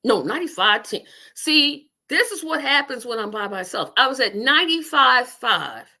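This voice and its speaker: A woman's voice: sits high, big pitch swings, normal speed, sharp tone. A woman hosting a casual political livestream, rambling and talking to her viewers while she multitasks. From Indiana. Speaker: livestream host.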